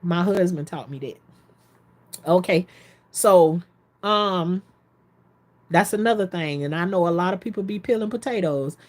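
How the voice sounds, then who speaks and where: A woman vlogging in a casual, excitable storytelling style, rambling between topics and talking straight to her viewers. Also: lowish voice, a little slow, pauses often. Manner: chatty, folksy, addresses viewers directly.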